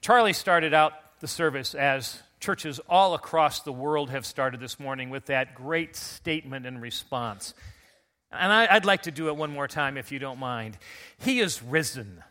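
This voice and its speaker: A middle-aged man, a pastor, preaching an earnest Easter sermon to his congregation, recovering from a recent illness and building to loud emphatic calls. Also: mid-range voice, animated, unhurried.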